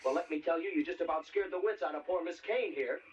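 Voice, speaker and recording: An actor playing a scruffy old poacher with a put-on Irish accent, wheedling and theatrical, on an old film soundtrack. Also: male voice, fairly high pitch, quick pace, lightly acted. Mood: pleading. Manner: wheedling, sing-song, theatrical. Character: scruffy old male poacher, pleading and blustery. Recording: dull old film soundtrack with faint hiss, distant.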